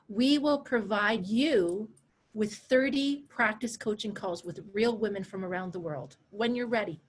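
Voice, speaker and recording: Woman in her forties, coach, fairly high voice, chatty, laughs often, video call audio. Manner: chatty, animated, laughs easily, repeats phrases. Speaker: coach and course instructor. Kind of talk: live online class, casual teaching.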